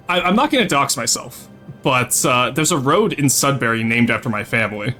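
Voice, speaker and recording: A man's voice: mid-range voice, animated, brisk, sharp tone, faint music behind. A young man from Ontario, chatting casually on a live stream, reading chat and switching between English and French with frequent laughs. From Ontario, Canada.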